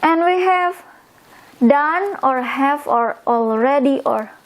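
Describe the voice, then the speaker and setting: Slow high-voiced woman teacher. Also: animated. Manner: slow and deliberate, repeating words for learners. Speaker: language teacher. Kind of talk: slow explanatory language lesson.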